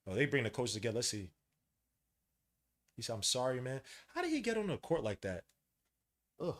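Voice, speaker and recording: A New man talks through a basketball game live for his podcast, all slang and quick reactions. His voice is bright and sharp, and his pitch swings widely from low mutters to high yells. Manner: excitable, slangy, shouts at big plays. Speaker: podcast host. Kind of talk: live game watch-along commentary.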